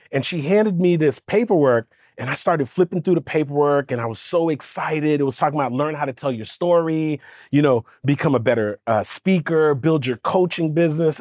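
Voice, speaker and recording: A man telling a personal story on a podcast, animated and lively, slipping into voices for the people in it. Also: a little high, no echo, studio quality. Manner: lively, does voices for people in his stories, stammers when excited. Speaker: podcast guest, speaking coach. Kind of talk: animated storytelling in casual interview.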